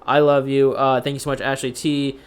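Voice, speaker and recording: A man's voice: medium pitch, little pitch movement, fairly quick, smooth. A man hosting a live stream, reading out viewer cheers casually with many fillers. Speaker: host.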